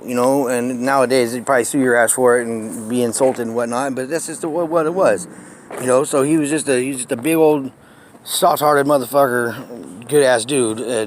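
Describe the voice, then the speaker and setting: A man's voice: mid-range voice, slight background noise. A tipsy man walking through his old neighborhood, telling rambling, profane stories into a handheld phone and laughing often between phrases. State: tipsy, buzzed. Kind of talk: casual rambling storytelling. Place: outdoors on a neighborhood street and alleyway.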